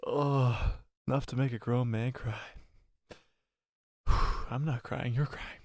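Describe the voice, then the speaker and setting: A man's voice: medium pitch, expressive, slow pace, pauses often, darkish tone, no room sound, studio quality. A man hosting a live watch party, reacting in stunned disbelief, stammering and repeating himself between yelps and mutters. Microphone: headphones and desk mic.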